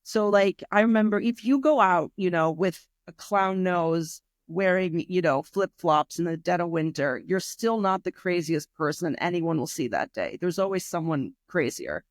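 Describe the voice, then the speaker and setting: A woman's voice: lowish voice, expressive, normal speed, few pauses, no echo, clean studio sound. A woman from New York City with a New York accent, a guest and English teacher chatting casually and joking now and then. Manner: playful, joking. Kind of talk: casual chat. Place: home in Rome. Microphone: video call.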